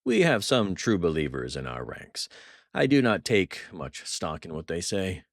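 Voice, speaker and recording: A man voicing a jovial, cruel male French crime boss who talks with theatrical mock warmth. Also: deep voice, sing-song, a little slow, no echo, studio quality, heavily acted. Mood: gloating. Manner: mock-warm, theatrical, gloating.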